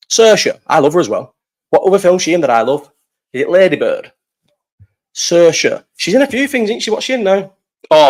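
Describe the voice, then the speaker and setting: A young man in a loose live chat, rambling from one thing to the next, swearing freely and laughing a lot. His voice sits at an ordinary middle pitch, and he gets quick and excitable once he warms to a subject. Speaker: podcast co-host.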